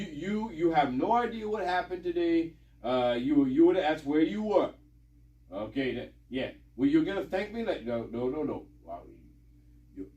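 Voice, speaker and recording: A man voicing a secretive accomplice who mutters insistent instructions in a low, hushed voice. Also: reverberant, dull audio, natural voice. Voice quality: low muttering voice, mic-distant. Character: hushed conspiratorial man coaching a cover story.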